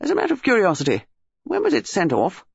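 A man voicing a probing older English gentleman. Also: high-pitched, wildly swooping pitch, fast talker, vocal fry, husky, no echo, highs cut off, pitched above the performer's own voice, exaggerated voice.

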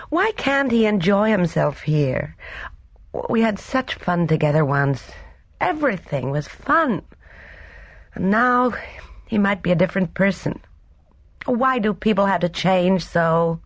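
A reader voicing an impulsive young married woman in a storybook reading, talking in quick exclamations. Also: mid-range voice, no room sound, pitched above the performer's own voice. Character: young woman, emotional, loyal wife.

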